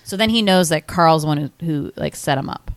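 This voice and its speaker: Deep, smooth-voiced woman in her thirties. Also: a little fast, dry recording. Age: 30s. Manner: rambling, filler-heavy storytelling. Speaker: podcast co-host. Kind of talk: casual movie recap chat.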